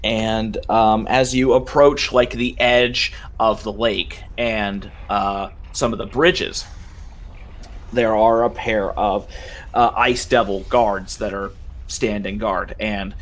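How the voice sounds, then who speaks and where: A man's voice: on the low side, level tone, takes it slowly. A young man narrating a tabletop game as game master, casual and loose, with many fillers.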